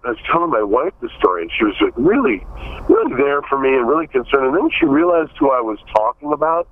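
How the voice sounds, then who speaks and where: A man's voice: mid-range voice, huge pitch swings, fast talker, narrow, tinny audio, a little hiss or hum. A man from Buffalo telling stories in a casual interview, breaking into voices for the people he quotes. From Buffalo, New York. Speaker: guest.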